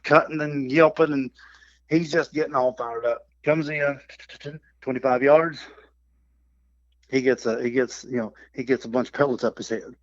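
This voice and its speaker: A man's voice: medium pitch, dry recording. A middle-aged man, a turkey hunting instructor, telling a story in a casual podcast chat and acting out the quotes and turkey calls. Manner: lively yarn-spinner who acts out quotes and turkey calls. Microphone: podcast microphone. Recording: dull, dry lo-fi podcast audio.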